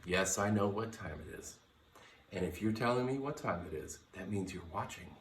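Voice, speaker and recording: A man's voice: fairly low pitch, moderate pace, slight background noise. A man hosting a casual sports podcast from his garage, brash and blunt, swearing freely as he runs through teams and picks. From United States. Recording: echoey garage, mic at a distance.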